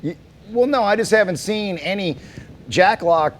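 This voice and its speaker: Excitable man hosting a chat show. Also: sits high, moderate pace, a little hiss or hum. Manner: excitable, teasing, laughs often. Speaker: podcast host. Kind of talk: casual interview chat.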